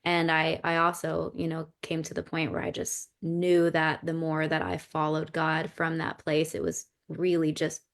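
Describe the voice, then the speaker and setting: A woman with a low, gravelly voice talks through her shifting beliefs on a podcast. She is earnest and searching, circling back and restarting as she thinks aloud. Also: completely flat delivery, normal speed, hardly any pauses. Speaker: podcast co-host. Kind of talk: reflective casual conversation.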